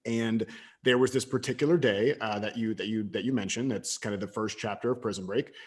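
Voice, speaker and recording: Man in his thirties, podcast guest, animated storyteller, stammered restarts, sudden louder bursts. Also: on the low side, fairly quick, slightly rough. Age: 30s. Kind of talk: casual storytelling interview.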